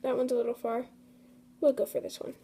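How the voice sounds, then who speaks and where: A woman's voice: on the high side, little pitch movement, brisk, vocal fry, dark tone, husky. A young woman hosting a casual craft tutorial, chatty and apologetic, talking to her materials as she works. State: a bit out of breath. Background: faint storm noise.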